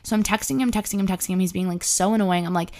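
A woman's voice: mid-range voice, steady tone, very fast, dark tone. A young woman hosting a podcast, telling a story in a chatty, casual way, full of likes and swearing. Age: young adult. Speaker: podcast host.

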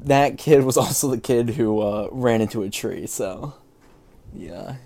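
A man's voice: medium pitch, measured pace, creaky, crowd noise. A young man co-hosting a podcast, telling stories in a rambling, casual way with many restarts. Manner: rambling storyteller, trailing restarts. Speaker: podcast co-host. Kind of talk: casual chat.

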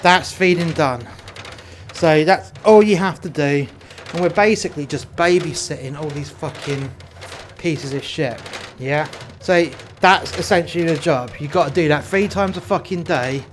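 A man's voice: a little high, moderate pace, a little hiss or hum. Foul-mouthed man rambling in role-play. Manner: crude, heavily profane, rambling storyteller. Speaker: player in prison role-play. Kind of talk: casual role-play chat.

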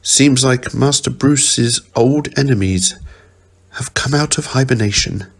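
A man's voice: mid-range voice, a little slow, breathy edge. A man voicing a kindly, proper elderly male butler with polite, formal speech in an audio fan fiction reading. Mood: warm.

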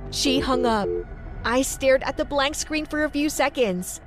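High-voiced woman, dramatic first-person storyteller. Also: a little slow, soft background music. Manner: expressive, dramatic. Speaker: narrator.

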